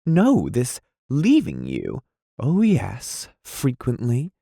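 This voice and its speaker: A man reading aloud, voicing a composed, scornful young wife in a quiet, measured way. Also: medium pitch, huge pitch swings, vocal fry, dry recording, clean studio sound, voice pushed up, full character voice. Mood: cool.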